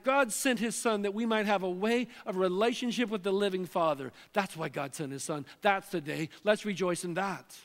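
Man, pastor, impassioned sermon, higher voice, long church reverb. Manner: impassioned preaching, swinging from loud calls to hushed near-whispers. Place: church sanctuary.

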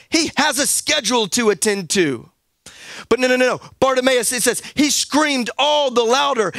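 High, bright-voiced preaching man. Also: dry recording. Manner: emphatic preaching with repeated words, building to shouts. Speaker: pastor. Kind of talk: sermon. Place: church service.

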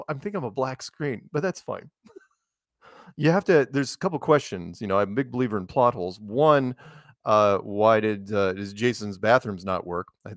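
A man talks casually as an interview guest, rambling from point to point and laughing between thoughts. His voice sits at a middle pitch. The recording is dry and close. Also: dry recording. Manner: chatty, laughing, rambling with fillers. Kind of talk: casual comedic interview chat.

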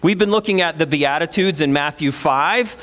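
A man's voice: fairly high pitch, moderate pace, a bit bright. Man preaching in a reverberant church. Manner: conversational, storytelling preacher. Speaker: pastor. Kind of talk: sermon. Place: church sanctuary. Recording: long reverb of a church hall.

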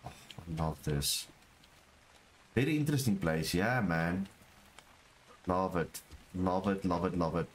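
A man streaming a game live, talking to his chat and exclaiming over what he finds, with low murmurs that jump to excited shouts. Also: measured pace, pauses often, a little hiss or hum. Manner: excitable, repeats phrases, talks to chat. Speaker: gaming streamer. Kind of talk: live gameplay commentary.

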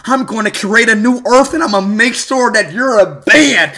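Loud, profane streamer with wild swings. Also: male voice, high voice, animated, moderate pace. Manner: loud, profane, swings between muttering and shouting. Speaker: live-streamer. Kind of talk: live gameplay stream commentary.

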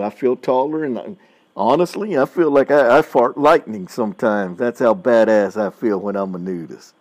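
A man's voice: medium pitch, dark tone. A man hosting a podcast, telling stories in a blunt, folksy, casual monologue and laughing often. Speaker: podcast host.

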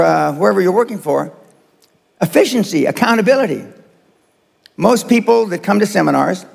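A high-pitched, gravelly older man lectures a seminar crowd, blunt and profane, jabbing at the audience. His voice rings out in a reverberant live hall. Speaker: seminar speaker. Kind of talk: motivational seminar talk.

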